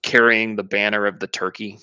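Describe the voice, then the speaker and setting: Male co-host, low gravelly voice, sarcastic banter, dull lo-fi mic. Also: flat delivery, a little fast, bright, forceful tone, no echo. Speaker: podcast co-host. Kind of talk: comedic chat.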